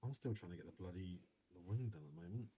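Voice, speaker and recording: A man's voice: low-pitched, expressive, quick pace, mellow, husky. A man co-hosting a casual painting livestream, making dry, wry asides. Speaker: co-host. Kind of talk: casual chat while painting miniatures on a livestream.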